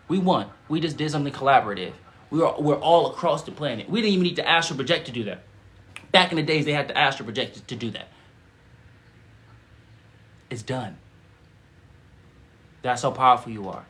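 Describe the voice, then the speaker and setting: Emphatic high-voiced man leading affirmations. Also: animated, moderate pace, pauses often, fairly bright tone. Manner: emphatic call-and-response, repeats phrases; casual slangy speech. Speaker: spiritual guide. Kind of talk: livestream affirmations and guided breathing.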